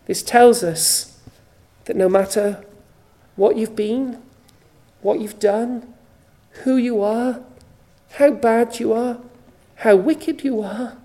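A woman preaching a sermon at a church service, slow and emphatic, with repeated phrases for weight. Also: on the high side, warm tone.

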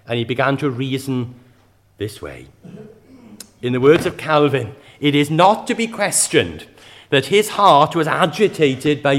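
A man preaching a sermon, speaking with passion and often asking rhetorical questions of his listeners. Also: fairly high pitch. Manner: impassioned, rises to cries in quoted prayers.

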